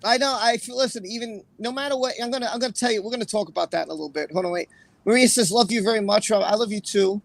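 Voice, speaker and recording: A man's voice: sits high, rapid-fire, vocal fry, no room sound, poor audio. A man hosting a livestream and chatting casually. He sounds emotional and apologetic, and he reads out viewers' comments by name. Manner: emotional, apologetic, reads chat names aloud. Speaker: livestream host.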